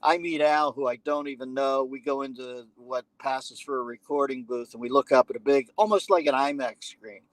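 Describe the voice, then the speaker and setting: A man's voice: mid-range voice, normal speed, hardly any pauses, no room sound, rough recording. Wisecracking man telling a story. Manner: animated anecdote-teller who acts out what others said; profane, wisecracking asides. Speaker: podcast guest. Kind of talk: conversational storytelling.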